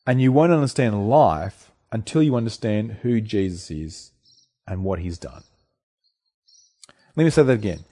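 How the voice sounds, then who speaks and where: A man's voice: medium pitch, dark tone. A man preaching a sermon, explaining a passage in an earnest, teaching way with occasional fillers and restarts.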